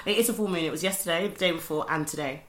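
A woman's voice: low voice, very fast, fairly bright tone. A young woman, co-hosting a podcast in casual chat, teasing and laughing through crude banter. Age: young adult. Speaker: podcast co-host.

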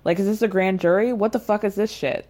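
Brief: woman voicing an indignant, exasperated woman, pitched a little lower, firing off questions. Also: fairly even intonation, brisk, mellow, natural voice. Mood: incredulous. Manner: incredulous, indignant. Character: exasperated woman demanding answers.

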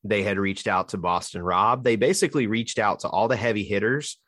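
Low-voiced man hosting a podcast. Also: a little fast, no room sound, studio quality. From Alabama. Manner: relaxed, chatty, plugs the show. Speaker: podcast host. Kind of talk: casual podcast chat.

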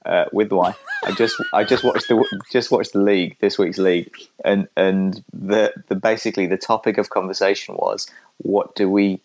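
A man's voice: low voice, wildly swooping pitch, moderate pace, a little mellow, lo-fi sound. A man co-hosting a podcast, chatting casually in a rambling way with chuckles. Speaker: podcast co-host. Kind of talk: casual chat.

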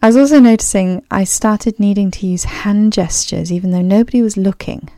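In a thoughtful solo podcast monologue, a woman with a clipped, slightly posh English accent, a third culture kid raised abroad, muses with frequent ums and restarts. Her mid-range voice is brisk and mellow, recorded in clean studio sound with no room sound.

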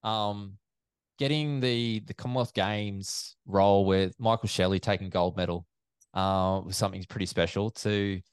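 A man's voice: fairly low pitch, moderate pace, clear, resonant tone, no room sound, studio quality. A man, an event MC telling stories in a casual interview and acting out quoted exchanges. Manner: chatty and animated, acts out quoted exchanges. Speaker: event MC and commentator.

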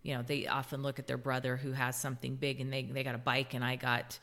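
A woman's voice: very deep voice, flat delivery, fast, fairly bright tone. A middle-aged woman co-hosting a podcast, talking earnestly and telling stories from her own family life. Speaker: podcast co-host. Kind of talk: casual podcast conversation.

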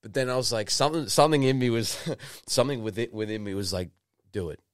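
This is a man in his twenties with an Australian accent, his mid-range voice quick and clean in studio-quality audio with no room sound. As a podcast guest in a casual interview, he tells stories loosely, swearing casually and full of fillers and restarts.

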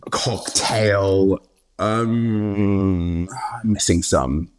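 A man's voice: sits low, drawn-out words, background noise. A man, an actor guest, chatting casually and animatedly, laughing often and acting out quotes. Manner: animated, laughing, full of restarts and acted-out quotes. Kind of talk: casual interview chat.

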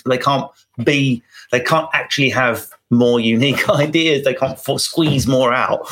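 A man's voice: medium pitch, fairly bright tone. A middle-aged man, a comedian giving candid interview answers in wry, rambling anecdotes with self-mocking asides. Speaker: comedian guest.

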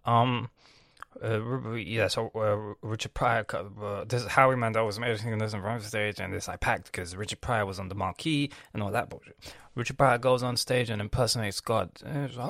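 A man's voice: lowish voice, fairly even intonation, brisk, a bit bright, no room sound. A 20-year-old man talks in a rambling, profane vlog style. He uses lots of slang and restarts, and his breath is audible on a close mic. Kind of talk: casual rambling vlog chat.

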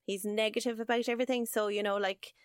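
A woman's voice: fairly high pitch, steady tone, fast, clear, resonant tone, no room sound, clean studio sound. A woman co-hosting a podcast, talking through scenarios in a chatty way. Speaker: podcast co-host. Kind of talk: casual discussion.

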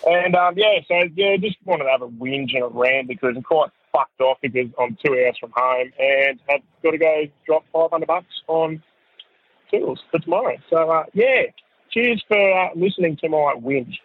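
A man's voice: a little high, normal speed, dry recording. An Australian man leaving a sweary, aggrieved whinge as a caller. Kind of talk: ranting phone voicemail. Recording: tinny phone line.

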